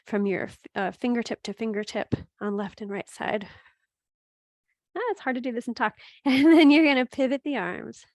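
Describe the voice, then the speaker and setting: A woman teaching a gentle yoga class, giving steady cues with chatty asides and laughing at her own slips. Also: mid-range voice, no echo, clean studio sound. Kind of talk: guided yoga class instruction.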